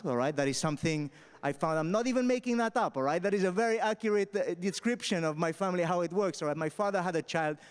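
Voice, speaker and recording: A man's voice: on the high side, long reverb tail. A young man raised in Spain doing stand-up comedy on a festival stage, punchy, tagging his lines with "all right?".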